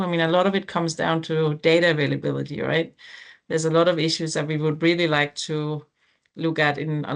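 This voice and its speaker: A woman's voice: low voice, vocal fry. A woman moderating an online panel discussion over a video call, speaking conversationally with frequent ums and restarts. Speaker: webinar moderator.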